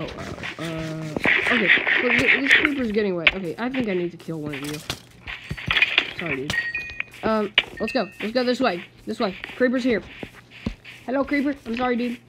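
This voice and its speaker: Woman, gaming host, casual commentary, lively pitch, noisy recording. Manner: chatty, exasperated, talks to game mobs.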